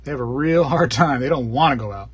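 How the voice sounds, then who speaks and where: Chatty man with a husky voice. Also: fast talker, no room sound. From Florida. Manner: rambling, jokey, puts on squeaky voices for bits. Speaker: live stream host reading chat. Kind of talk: casual live-stream chat.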